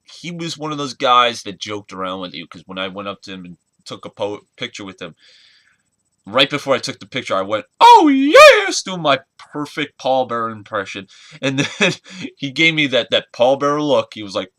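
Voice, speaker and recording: A man in his twenties giving an earnest, halting spoken tribute in a casual vlog, often searching for words. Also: medium pitch, expressive, pushed and bright, no room sound. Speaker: wrestling fan vlogger.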